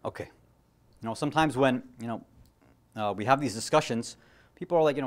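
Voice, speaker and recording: A man's voice: mid-range voice, fairly quick, pauses often. A young man giving a casual religious lecture, chatty and joking, often putting questions to his audience.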